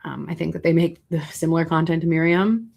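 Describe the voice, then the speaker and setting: A young adult woman hosting a casual livestream, answering viewer questions with chatty, animated storytelling and asides. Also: low-pitched, brisk, vocal fry.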